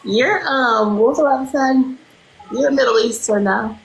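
A woman's voice: on the high side, normal speed, poor audio. Woman from Louisiana, stream host; sassy, blunt, teasing delivery. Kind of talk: joking live video chat.

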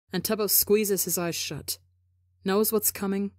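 A woman reading a story for a podcast, narrating in a measured, emotive way. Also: medium pitch, fairly even intonation, a little mellow, dry recording, clean studio sound. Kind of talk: dramatic audiobook narration.

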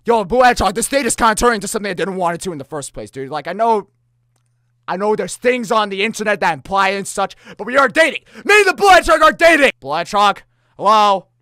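A man hosting a let's-play reaction, jokey and excitable, breaking into shouts. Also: sits high, fast, no echo. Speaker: gaming channel host.

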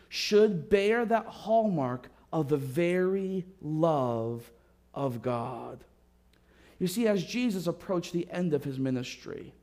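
A man preaching a sermon as a pastor, telling a story with dramatic rises and drops in volume. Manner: storytelling with dramatic swings in pitch and loudness. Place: church sanctuary.

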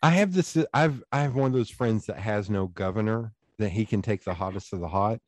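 A man with a Southern East Tennessee accent, hosting a podcast and telling animated stories in casual chat, swearing freely. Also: fairly low pitch, a little fast, no echo. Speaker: podcast host.

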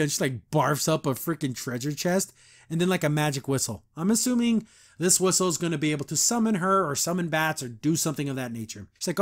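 High-voiced man reviewing a cartoon. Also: quick pace. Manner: animated, rambling, frequent laughs and "like". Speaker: podcast host. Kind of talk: casual episode review.

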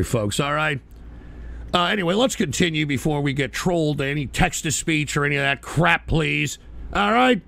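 A man hosting a live talk radio stream, ranting combatively with profanity and bursts of shouting. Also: on the high side, creaky. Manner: mocking whiny impressions of critics.

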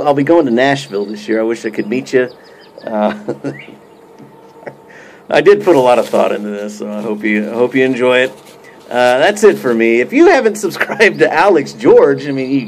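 A man's voice: mid-range voice, a little hiss or hum. A man talking casually to camera in a joking mock roast, rambling with many fillers and restarts. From United States. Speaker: YouTube pipe-smoking vlogger.

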